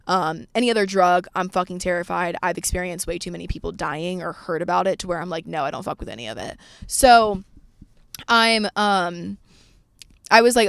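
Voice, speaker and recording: Young woman, storytime vlog, smooth clear voice, dry close sound, rambling and candid. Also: fairly low pitch, steady tone, a little fast, no room sound. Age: 20s. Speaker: vlogger.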